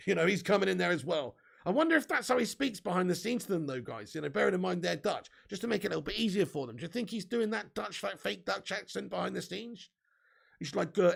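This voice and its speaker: A chatty young man hosts a live fan news stream and reads out viewers' comments as they come in. His voice sits fairly high and carries a heavy gravelly rasp. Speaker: fan channel host.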